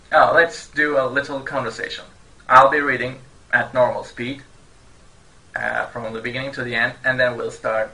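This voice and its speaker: Cheerful male online language teacher, native Turkish speaker, sharp bright voice at an average pitch, drills phrases with a laugh. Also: poor audio. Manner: cheerful, laughs often, repeats phrases slowly for learners.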